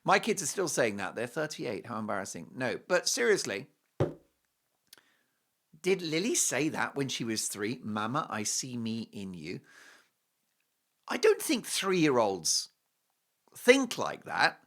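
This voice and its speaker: A man hosts a commentary show and delivers a monologue of opinion. He talks in a scornful, sarcastic way and leans hard on his points. His pitch swings widely, and his tone is bright and forceful. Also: wildly swooping pitch, measured pace, pauses often. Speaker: host.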